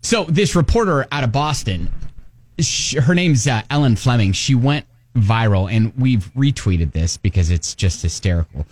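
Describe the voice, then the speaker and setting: A man's voice: medium pitch, animated, normal speed, a little mellow, no echo. A middle-aged man with a Kentucky accent hosting a casual morning radio chat, rambling with fillers and laughs. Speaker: radio show host. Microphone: studio mic.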